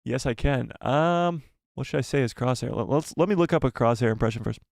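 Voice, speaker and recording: A male live-stream host with a gravelly, fry-edged voice, chatting casually with viewers about fandom news. He rambles and jokes at his own expense, speaking close to the mic in a dry, dead room. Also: medium pitch, a little fast, darkish tone, no echo. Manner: self-deprecating, jokey and rambling. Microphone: close desk microphone.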